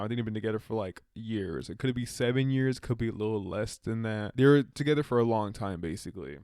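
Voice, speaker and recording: Excitable, profane man ranting about a movie. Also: medium pitch, smooth, no room sound, clean studio sound. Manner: excitable, profane, rambling with restarts. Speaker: movie reviewer. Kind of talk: casual movie review rant.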